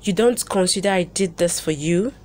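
A woman's voice: lowish voice, moderate pace, darkish tone, natural voice. A woman reading the lines of a desperate young husband begging his wife to listen. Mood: pleading.

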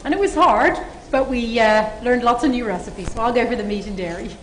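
A woman's voice: a little high, brisk, a little hiss or hum. A woman answering as a panelist in a friendly, anecdotal way. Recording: echoey conference room.

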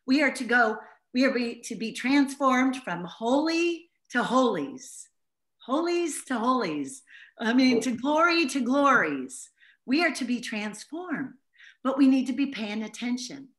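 A woman's voice: fairly high pitch, fairly bright tone. A middle-aged woman giving an informal Bible teaching to a small group, telling stories in an earnest, heartfelt way.

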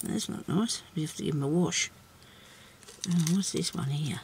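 A woman hosting a casual craft tutorial, chatting and thinking aloud as she works, with soft laughs to herself. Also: deep voice, moderate pace, slight background noise. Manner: rambling, chatty, thinks aloud while working.

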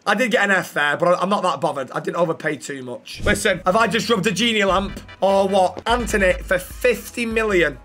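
A man giving chatty, excitable gaming commentary, bantering with the characters in the game. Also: sits high, fairly quick, few pauses, soft background music. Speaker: gaming YouTuber.

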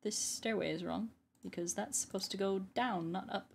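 A woman's voice: medium pitch, moderate pace, gravelly, slight background noise. A woman who makes videos and ASMR, chatting casually while she plays a game, often repeating her phrases. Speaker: YouTuber and ASMR artist. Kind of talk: casual gameplay commentary.

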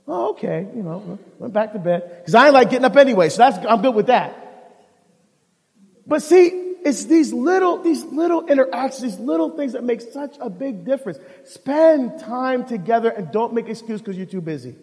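A deacon giving a live talk on marriage to an audience, telling animated stories and acting out the dialogue. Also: male voice, very high voice, normal speed. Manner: animated storyteller who acts out dialogue. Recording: long hall reverb.

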